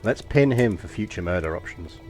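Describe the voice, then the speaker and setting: A man with a softened London accent and a slight New York touch, chatting casually and swearing at the game as he thinks aloud while streaming. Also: low voice, lively intonation, fairly quick, soft background music.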